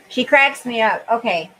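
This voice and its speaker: A woman's voice: on the high side, pushed and bright, slight background noise, rough recording. A woman hosting a casual live stream, overheated and sweaty, chatting as she reads viewer comments aloud and answers them. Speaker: livestream host.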